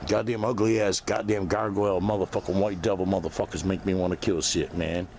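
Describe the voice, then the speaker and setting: A man's voice: deep voice, little pitch movement, fairly quick, a little mellow, a little hiss or hum. A man delivering an aggressive, profane, insulting rant directly at someone he is angry with.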